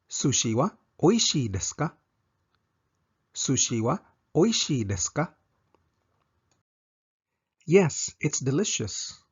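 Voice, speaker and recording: A man teaching a language lesson, saying each example slowly and repeating it twice. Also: fairly high pitch, breathy edge, muffled recording.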